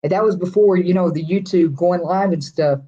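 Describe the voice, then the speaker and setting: A woman's voice: fairly low pitch, normal speed, warm tone, lo-fi sound. A middle-aged woman with a Texas accent chatting casually with live viewers, rambling from one thought to the next. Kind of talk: casual live-stream chat.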